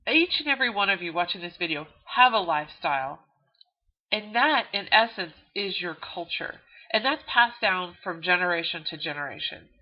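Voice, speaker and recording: A woman's voice: fairly low pitch, lively intonation, moderate pace. A woman with a Texan accent, a college instructor giving a chatty recorded video lecture with frequent fillers. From Texas. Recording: dull lo-fi video audio.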